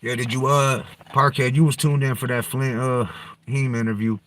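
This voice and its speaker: A man's voice: mid-range voice, level tone, moderate pace, a bit bright, a little hiss or hum. Slangy man, rambling and profane. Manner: loose, slangy, profane, hopping between topics. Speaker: podcast host. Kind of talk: casual rambling chat.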